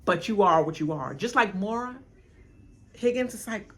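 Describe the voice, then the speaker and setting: A woman's voice: medium pitch, expressive, slow, pauses often, a bit bright. A woman hosting a reaction video, ranting casually and animatedly straight to her viewers in slangy, laughing chatter. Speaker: reaction channel host.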